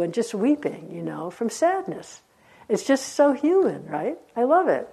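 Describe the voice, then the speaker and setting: A woman's voice: medium pitch, very animated, unhurried, breathy edge. A woman meditation teacher giving a dharma talk, telling stories in a conversational way with frequent laughter. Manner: warm conversational storytelling, laughs often.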